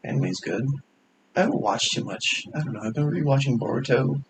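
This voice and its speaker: A man co-hosting a podcast in casual chat, offhand and quick with short reactions and frequent swearing. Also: mid-range voice, creaky, rough recording. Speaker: podcast co-host.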